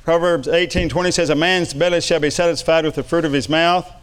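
Man, pastor preaching, fervent, repeats lines, slightly high voice, smooth clear tone. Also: steady tone, fairly quick. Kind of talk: sermon.

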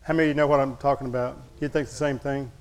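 A man's voice: mid-range voice, fairly even intonation, rapid-fire, smooth. A male pastor preaching a sermon, telling a personal story in a folksy, candid, humorous way to his congregation.

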